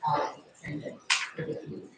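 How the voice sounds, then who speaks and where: A woman on a town planning commission talking through a survey in a halting way, with many fillers and restarts. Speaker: planning and zoning commission member. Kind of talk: casual meeting discussion. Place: town meeting room. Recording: very echoey room, distant mic, faint noise.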